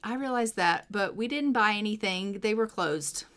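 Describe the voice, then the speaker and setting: A woman voicing Joe, a calm, weary teenage son reassuring his worried father in a game story. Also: medium pitch, moderate pace, lightly acted. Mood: patient.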